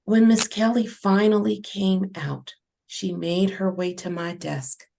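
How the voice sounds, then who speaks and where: A woman narrating her own story in the first person, in a steady, measured reading. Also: medium pitch, creaky, rough recording.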